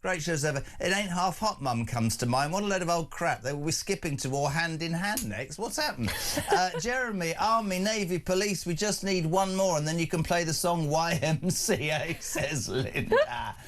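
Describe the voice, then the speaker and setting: A man's voice: a little high, normal speed, hardly any pauses, slight background noise. An older man with a British accent hosting breakfast radio, blunt and chatty, reading out listener messages. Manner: blunt, animated, reads listener texts aloud. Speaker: radio host.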